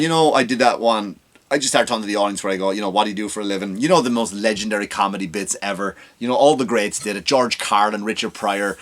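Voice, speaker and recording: A man's voice: mid-range voice, a bit bright. A man hosting a comedy podcast, ranting in a profane, exasperated way with big jumps in his voice.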